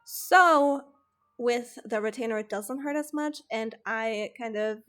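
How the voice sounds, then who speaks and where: A young woman streamer with a slight lisp talks her way through a casual storytime, rambling and cursing freely. Her voice sits on the higher side and she takes her time getting her words out. A little music plays quietly underneath. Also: slow. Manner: chatty and rambling, swears freely.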